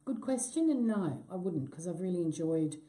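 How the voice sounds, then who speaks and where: An actress answering fan questions in a live chat, self-deprecating and quick to laugh. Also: female voice, lowish voice. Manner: self-deprecating, laughs easily, lively swings in tone. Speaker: actress and guest.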